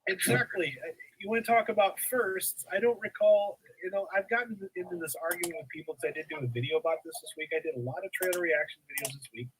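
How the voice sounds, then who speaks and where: A man's voice: high voice, fast talker, few pauses, fairly bright tone, husky, low-quality recording. A man on a casual podcast panel, arguing his opinion about movies. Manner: opinionated, argues his point. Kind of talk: casual chat.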